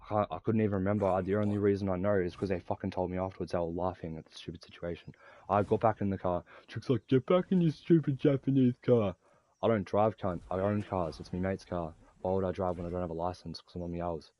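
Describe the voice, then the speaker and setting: This is a young Australian man in a loose, profane gaming rant. His voice sits low and dark in tone. He talks at a rapid clip and rambles from one grievance to the next. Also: flat delivery. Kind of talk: casual rant while gaming.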